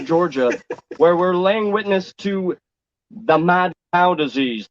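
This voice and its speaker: A man's voice: on the high side, close to an everyday voice. A man playing a bumbling male local news reporter in a comedy sketch, mock-serious newscaster delivery, on a dull lo-fi recording. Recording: dull lo-fi clip with faint noise.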